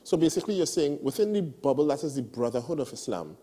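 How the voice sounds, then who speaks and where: A male talk show host from Trinidad and Tobago who sums up his guest's points. He speaks quickly in a mellow, dark voice with a lively pitch.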